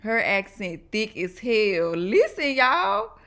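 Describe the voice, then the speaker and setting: A woman's voice: fairly high pitch, big pitch swings, slow pace, sharp tone. A woman from Texas with a Southern accent, talking casually and emphatically to her viewers as she reacts to clips. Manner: sassy, emphatic, addresses viewers as y'all. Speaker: reaction video host.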